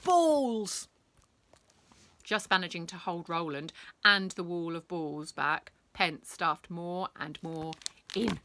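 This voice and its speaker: A woman reading a bedtime story, animated, acting out sound effects and dropping to whispers. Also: lowish voice, measured pace, slight background noise.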